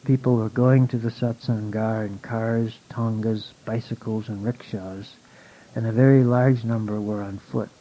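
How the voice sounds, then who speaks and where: A man calmly reading a spiritual story aloud at a measured pace. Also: lowish voice. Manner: calm, measured. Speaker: reader. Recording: dull lo-fi recording.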